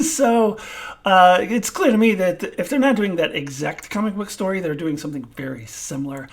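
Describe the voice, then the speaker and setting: A woman giving an unscripted TV review alone, halting often to search for words and laughing at herself. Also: lowish voice. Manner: self-deprecating, laughs at herself.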